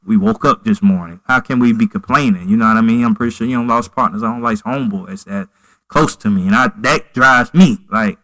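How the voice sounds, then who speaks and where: A man's voice: on the low side, brisk, bright, forceful tone, no echo, poor audio. A man hosting a podcast, talking loosely and repeating "you know" and "man" often. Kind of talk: casual interview chat.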